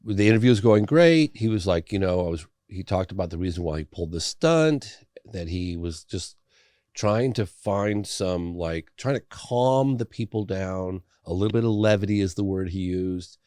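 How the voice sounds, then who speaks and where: A middle-aged man, a documentary filmmaker, telling a story as a guest in a podcast interview, animated and loose with fillers. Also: sits low, moderate pace, no room sound, clean studio sound.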